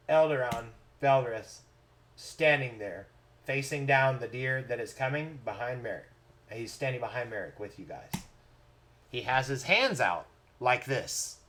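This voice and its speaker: A man narrating a tabletop game as game master, playful and quick to laugh. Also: mid-range voice, a bit bright.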